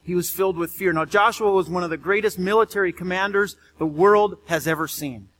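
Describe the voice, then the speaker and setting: High-voiced male pastor preaching casually. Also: brisk, a little hiss or hum. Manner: conversational, repeats words when excited. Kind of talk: sermon.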